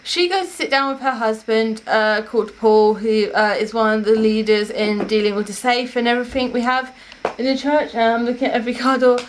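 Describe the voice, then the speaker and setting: A woman's voice: on the high side, fairly even intonation, brisk, slight background noise. A young woman, casually telling stories to camera at home in a rambling, self-correcting way. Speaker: vlogger.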